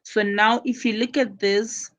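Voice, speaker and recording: A woman's voice: on the high side, fairly even intonation, measured pace, fairly bright tone, poor audio. A woman teaching an English pronunciation lesson to students, patiently repeating and stressing key words as she explains.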